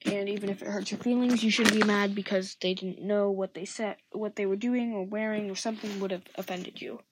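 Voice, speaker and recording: A woman's voice: mid-range voice, steady tone, a little fast, background noise. A woman hosting a show, talking through friendship advice in an earnest, casual way with frequent restarts. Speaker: host giving friendship advice.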